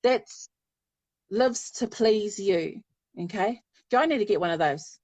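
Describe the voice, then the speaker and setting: A woman's voice: medium pitch, lively intonation, measured pace, darkish tone, dry recording. A woman giving a live psychic reading, chatty and affectionate, often laughing. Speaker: spiritual medium.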